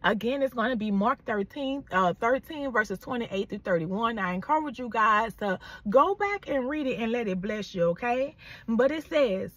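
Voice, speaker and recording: Woman preacher, high bright voice, husky edge, fervent, call-and-response. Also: animated, normal speed, no room sound, recorded from a distance. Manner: fervent, calls listeners "baby" and "y'all", urges call-and-response. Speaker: prophetic preacher. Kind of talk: prophetic word sermon.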